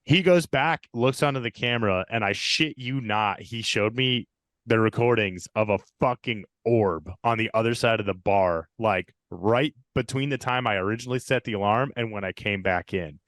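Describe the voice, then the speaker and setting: A man's voice: on the low side, moderate pace, no room sound, clean studio sound. Profane young man telling a ghost story. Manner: profane, animated retelling with quoted dialogue. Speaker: podcast storyteller. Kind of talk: casual storytelling.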